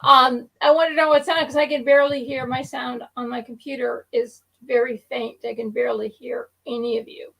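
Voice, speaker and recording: A woman chats loosely on a live stream, laughing through her words and trailing off mid-sentence. Her voice sits on the high side with a husky, gravelly edge. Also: flat delivery, moderate pace, hardly any pauses, a bit bright, rough recording. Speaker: stream host. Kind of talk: casual chat. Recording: speaking over a phone with delay.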